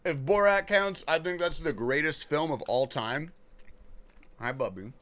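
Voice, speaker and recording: A man's voice: fairly high pitch, lively intonation, normal speed, fairly bright tone. A young man chatting casually and profanely on a gaming livestream, answering his chat. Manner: laid-back, slangy and profane, reading and answering chat.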